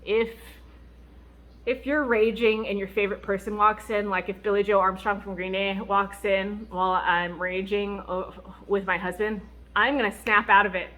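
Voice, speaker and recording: A woman speaking as a Christian mom vlogger, giving candid, faith-based advice in a chatty, expressive way, often laughing and acting out what people said. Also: mid-range voice, normal speed.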